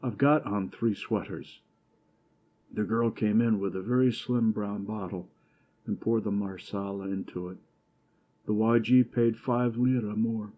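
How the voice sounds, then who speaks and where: A man narrating an audiobook in a measured, even storytelling manner. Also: lowish voice, lo-fi sound. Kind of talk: scripted narration.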